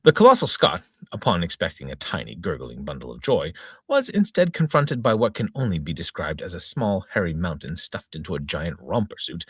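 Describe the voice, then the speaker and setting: With a low voice and a breathy edge, a middle-aged man of 40s to 50s hosts a relaxed reading podcast. He performs a comic news story like a mock-serious newscaster, stumbling and restarting as he reads. The recording is dry, with clean studio sound.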